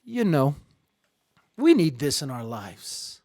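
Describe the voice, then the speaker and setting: Man, live-stream host, rambling, joking, mid pitch, dry close sound. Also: sing-song, takes it slowly, no room sound. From Ireland. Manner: rambling, joking, swings between muttering and loud. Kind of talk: casual live-stream commentary.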